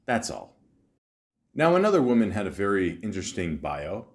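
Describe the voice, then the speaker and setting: A man's voice: on the low side, big pitch swings, moderate pace. A man hosting a comedy podcast, ranting in exasperation and stammering often. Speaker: podcast host. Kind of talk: comedic commentary.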